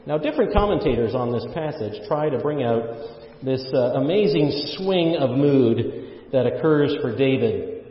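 A man from Canada preaching a sermon earnestly, with many fillers and sudden swings of loudness. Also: medium pitch, expressive, moderate pace. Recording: echoey hall, dull muffled sound.

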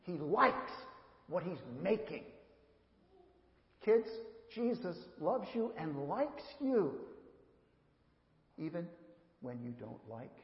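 A man's voice: on the high side, big pitch swings, slow, pauses often. Earnest man preaching in an echoey hall. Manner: earnest, repeats words for emphasis, speaks directly to children. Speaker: pastor. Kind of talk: sermon. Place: church sanctuary. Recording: echoey hall, dull lo-fi sound.

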